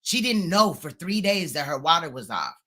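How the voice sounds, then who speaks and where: A man's voice: on the high side, sing-song, normal speed, pushed and bright. A man co-hosting a live commentary stream, crude and mocking and full of profanity. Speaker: co-host commentator.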